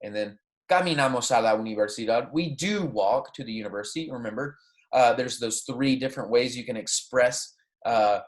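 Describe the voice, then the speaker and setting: A man teaching a recorded Spanish class. He explains in English, says Spanish phrases slowly as examples, and keeps checking in with "right?" and "okay". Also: medium pitch.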